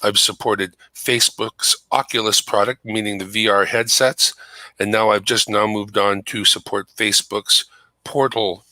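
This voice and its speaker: A man's voice: fairly low pitch, steady tone, moderate pace, pushed and bright, no room sound, rough recording. A man chatting casually from his home computer setup, explaining things at length. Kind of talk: casual chat.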